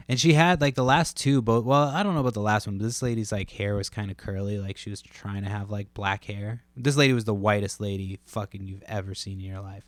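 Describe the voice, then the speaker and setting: A man's voice: lowish voice, no room sound. Rambling, profane male podcast host. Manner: rambling, profane, filler-heavy. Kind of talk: casual solo podcast rambling.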